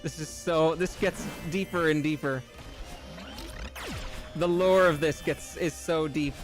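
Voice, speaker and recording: Playing a platformer on a live stream, a man chats casually with viewers in a steady tone and at a slow pace. He reads their messages aloud and breaks into loud, high laughing fits, as faint music plays behind him.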